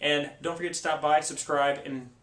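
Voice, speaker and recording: A man's voice: on the high side, fairly even intonation, normal speed, a bit bright, reverberant, recorded from a distance. A man hosting a tech video, ranting casually with sarcasm and exasperation.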